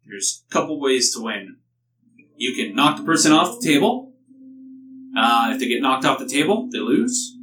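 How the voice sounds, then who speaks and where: A man's voice: medium pitch, big pitch swings, moderate pace, distant mic, noisy background. A man narrating a tabletop game as game master, loose and rambling with many fillers.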